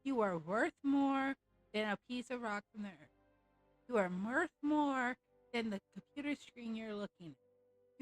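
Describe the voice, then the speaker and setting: A woman's voice: fairly high pitch, no room sound, low-quality recording. A woman streamer ranting in a casual, blunt and profane way over a live game stream.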